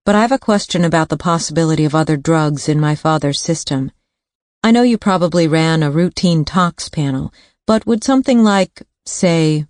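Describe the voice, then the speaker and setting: A woman's voice: low voice, darkish tone, no echo, studio quality, natural voice. A woman reading an audiobook, voicing a determined woman investigator who speaks urgently and firmly. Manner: urgent, firm, persuasive. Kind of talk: audiobook character voice.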